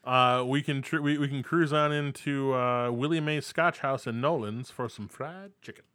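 A man on a podcast chatting casually and reading food notes aloud, stumbling and restarting as he goes. His voice is mid-pitched and sounds close and dry, with no room around it. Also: steady tone, moderate pace, fairly bright tone, clear, resonant tone, dry recording. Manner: reads food facts aloud, many restarts. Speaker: podcast co-host.

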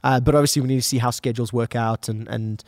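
A man co-hosting an esports talk show, excitable and rambling, talking in casual desk chat. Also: mid-range voice, fast talker, no room sound, clean studio sound.

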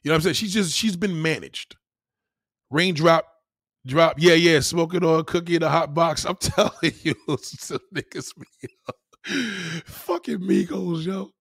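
A podcast host with a slightly high, gravelly, breathy voice rants at a measured pace in a crude comedic style, recorded dry at studio quality. He's animated and profane, swearing freely and laughing at his own lines.

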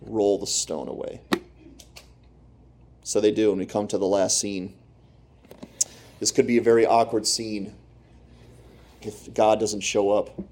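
A man preaching a sermon on Easter Sunday, telling a gospel story with lively asides to the congregation and swings from loud to hushed. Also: lowish voice. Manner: animated storytelling, rising and dropping to near whispers; talks to the congregation directly with asides. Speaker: pastor.

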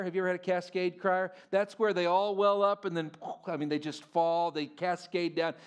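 A pastor in his thirties delivering a lively sermon, his voice sitting notably high for a man. He tells family stories, checks in with the congregation often, and builds to loud, emphatic peaks. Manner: animated, rising to emphatic peaks, frequent "okay?" check-ins.

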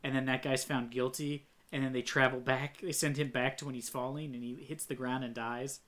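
A man co-hosting a casual movie podcast, retelling scenes in an animated way and laughing mid-sentence. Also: medium pitch, a little fast. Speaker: podcast co-host.

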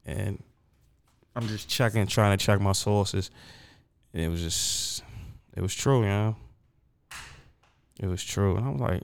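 Gravelly, grieving man talking loosely. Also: fairly low pitch, a little slow, long pauses. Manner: rambling, emotional, repeats words. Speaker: guest. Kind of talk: casual conversation.

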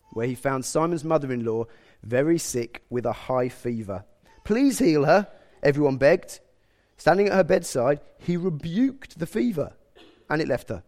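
A man's voice: a little high, darkish tone. A man preaching a sermon, explaining a passage in a conversational way with frequent self-corrections.

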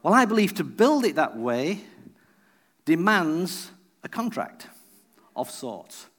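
A man's voice: fairly high pitch, sing-song, takes it slowly, a bit bright. A man preaching a sermon as a visiting preacher, telling a personal story and acting out the people he quotes.

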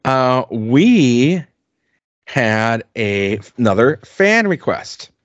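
A man's voice: medium pitch, big pitch swings, extremely slow, dry recording, lo-fi sound. A man co-hosting a music podcast, chatting casually and rambling with lots of fillers and restarts. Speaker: podcast co-host. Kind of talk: casual chat.

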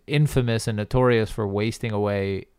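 A man's voice: fairly low pitch, steady tone, moderate pace, a little mellow, clear, resonant tone, no echo, studio quality. A man co-hosting a podcast, chatting casually about politics and arguing his point with sarcasm. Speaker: podcast co-host.

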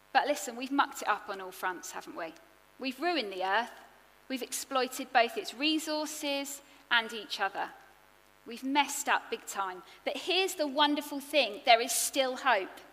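A woman preaching in an earnest, expressive way, her voice bright and a touch high. She builds her points in rhythmic lists, and a long reverb trails after each phrase as if in a large hall. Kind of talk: sermon.

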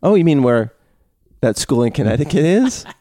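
A man's voice: fairly high pitch, sing-song, moderate pace, warm tone. A middle-aged man co-hosting a podcast, chatting casually with wry, joking asides. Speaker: podcast co-host. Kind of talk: casual chat.

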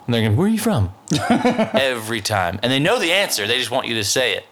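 A man's voice: medium pitch, fairly quick. A man telling funny stories in casual chat and acting out what people said to him. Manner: animated storyteller acting out quoted dialogue.

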